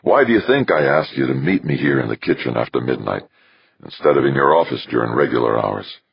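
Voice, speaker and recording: A sly, blunt smuggler, put on by a male narrator. The voice is extremely deep and husky, with a gravelly edge. The recording is dry and dull. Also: lively intonation, a little fast, no room sound, heavily acted. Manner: blunt, slangy, knowing.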